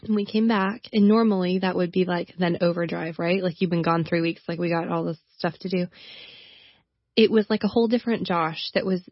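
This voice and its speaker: Heartfelt wife talking fast in bursts, dry dull-ish mic. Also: female voice, lowish voice, steady tone, dry recording. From Canada. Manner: warm, emotional, quick bursts. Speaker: guest, wife. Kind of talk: conversational interview.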